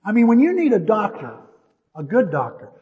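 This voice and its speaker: A middle-aged man preaching a sermon, telling a personal story in an animated way with jokey asides. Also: high-pitched, moderate pace, big-room sound, phone-quality sound. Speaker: pastor.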